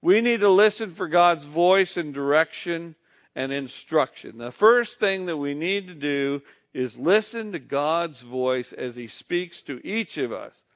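A man preaching a sermon in a deliberate, measured way. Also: fairly high pitch, animated. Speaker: pastor.

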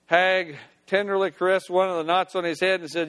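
A man with a high voice narrates a story in an unhurried, folksy manner. He drops in "well" asides and restarts lines. His voice carries a long hall reverb. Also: little pitch movement, fairly bright tone.

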